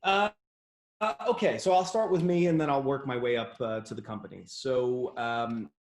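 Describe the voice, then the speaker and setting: Guy from new york state, jokey and animated, lots of restarts, roomy echo. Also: mid-range voice, moderate pace. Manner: playful teasing, lively, stumbling restarts. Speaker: guest, business owner. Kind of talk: casual interview. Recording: echoey room.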